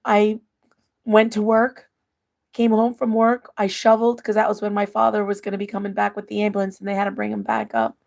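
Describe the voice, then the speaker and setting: A woman's voice: mid-range voice, completely flat delivery, a little fast, gravelly, darkish tone. A middle-aged woman hosting a casual livestream, reading viewer comments aloud and answering them while she laughs and cries at once. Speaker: livestream host reading chat. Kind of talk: casual emotional livestream chat.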